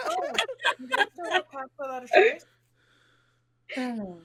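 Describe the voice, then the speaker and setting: A woman's voice: very high voice, huge pitch swings, slow pace. A woman playing in a tabletop game, giggly and playful. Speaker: player.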